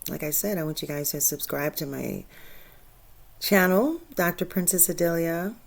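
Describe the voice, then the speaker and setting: Low-voiced emotional woman host. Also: moderate pace, vocal fry, slight background noise. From Michigan. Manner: emotional, laughs often, swings from soft to loud. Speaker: spiritual channel host. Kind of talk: casual inspirational monologue.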